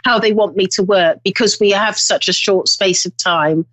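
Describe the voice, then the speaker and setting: A woman's voice: mid-range voice, moderate pace, a bit bright, no room sound. Rambling, reflective woman hosting a psychic show. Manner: rambling, reflective, many restarts. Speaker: psychic medium and host. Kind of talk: call-in radio hosting.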